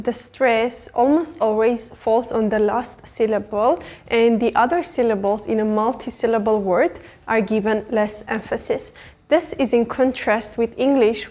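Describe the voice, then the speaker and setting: A woman who teaches her language, explaining pronunciation tips patiently and slowing down to model words. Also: on the high side, fairly even intonation, darkish tone.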